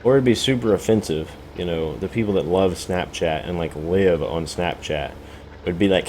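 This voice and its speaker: A man's voice: low voice, normal speed, darkish tone, slight background noise, poor audio. A man streaming a farming game, chatting in a rambling, self-mocking way with lots of "you know" fillers. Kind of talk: rambling live-stream chat. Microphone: desk microphone, no camera.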